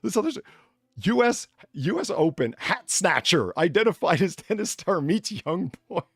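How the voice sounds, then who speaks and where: A man hosting a casual stream chat, talking in an animated, profane way and acting out quotes as he narrates a clip. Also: high voice, moderate pace, no room sound, studio quality. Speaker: stream host.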